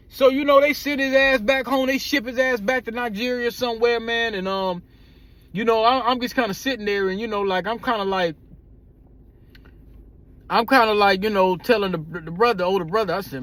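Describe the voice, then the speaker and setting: A man's voice: sits high, moderate pace. A man from the United States telling a blunt, profane story in a casual rant, acting out the people in it. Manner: blunt, profane, animated retelling with acted quotes. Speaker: vlogger.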